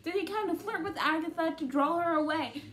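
A woman's voice: very high voice, fairly quick, fairly bright tone. A woman giving a casual, rambling book review to camera, full of fillers and self-interruptions.

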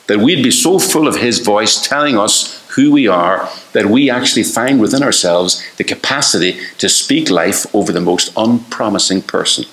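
Irish male pastor, lowish voice, earnest conversational sermon, roomy church-hall echo. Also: fairly bright tone. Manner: earnest, conversational preaching with quick asides.

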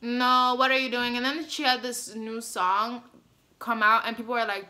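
A woman's voice: fairly high pitch, flat delivery, moderate pace, bright, forceful tone. A woman vlogger ranting bluntly and heatedly to the camera, swearing freely as she gives her opinions. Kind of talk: casual opinion rant to camera.

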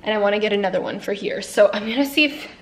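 A woman's voice: medium pitch, racing, slight background noise. A woman in her twenties with a Canadian accent, chatting casually to camera at home for her vlog, full of giggles and "like" fillers. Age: 20s. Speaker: vlogger. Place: at home in an apartment.

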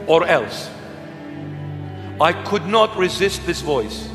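A man's voice: fairly high pitch, big pitch swings, slow, pauses often. A man preaching a sermon, telling a story with humor and self-mockery. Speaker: bishop preaching. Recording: echoey hall with music behind.

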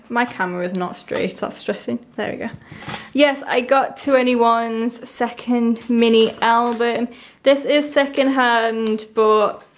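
A woman's voice: fairly high pitch, a little hiss or hum. A young woman from England chatting casually as she unboxes a haul, gushing and exclaiming often. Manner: gushing, repeatedly excited, lots of "oh my god".

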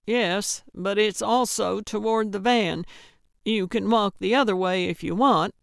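A woman's voice: mid-range voice, measured pace, vocal fry, dry recording, clean studio sound. A woman voicing a spry, self-important elderly woman detective in an audiobook. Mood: confident. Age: older.

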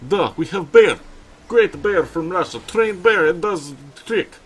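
A man's voice: high-pitched, animated, measured pace, husky, voice pushed up, heavily acted. A man voicing a proud, simple trained circus bear in broken English with a mock Russian accent. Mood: boastful.

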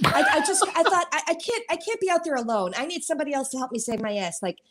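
A very high-voiced, animated woman guest. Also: fast. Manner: animated, laughing, swearing. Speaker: actress guest. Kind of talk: casual chat.

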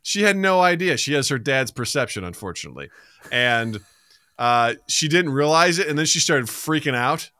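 A young man co-hosts a casual podcast, his voice bright and forceful with a lively, swooping pitch. He tells stories with laughs and acts out the people he quotes. The sound is close and dry, with no room around it. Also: moderate pace, no echo. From United States. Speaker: podcast co-host.

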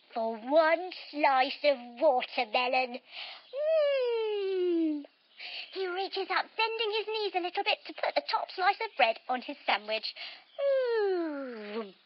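Slow, sing-song woman leading kids' yoga. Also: high-pitched, a little hiss or hum. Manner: sing-song, slow and playful, with sound effects. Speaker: kids yoga storyteller. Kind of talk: storytelling yoga lesson for children. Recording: slightly dull lo-fi audio.

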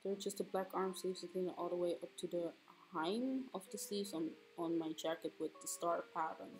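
This streaming artist, in her twenties, has a lowish voice and talks at normal speed while she draws on stream, cursing freely and squealing with laughter whenever she gets flustered. The low-quality recording carries slight background noise.

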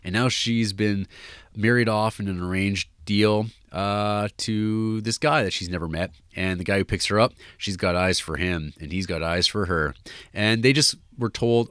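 The podcast co-host here has a fairly low, bright, clean-toned voice at a moderate pace, rambling about a film casually with many fillers and restarts. The recording is dry and clean, studio quality.

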